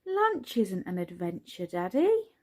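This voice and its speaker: A woman voicing Peppa Pig, a cheerful little girl piglet, in an excited storybook reading. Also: mid-range voice, unhurried. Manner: excited, squealing. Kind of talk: storybook character voice.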